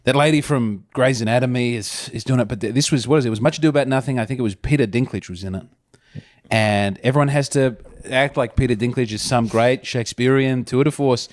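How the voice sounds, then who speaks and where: A man's voice: mid-range voice, fast, dry recording. Wry man riffing in casual chat.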